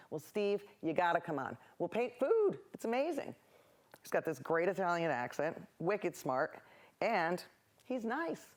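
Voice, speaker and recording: New lady rambling away while she paints on a local tv show, low voice but super lively, bouncing up and down. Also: measured pace. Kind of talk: chatty painting demonstration. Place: local access TV studio.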